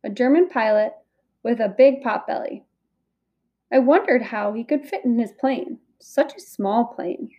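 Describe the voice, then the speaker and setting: A clever young girl talks fast to distract soldiers, as a woman reading the story puts her on. Her voice sits high and bright, spilling out in breathless chatter. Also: highs cut off, lightly acted. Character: quick-witted young peasant girl bluffing soldiers.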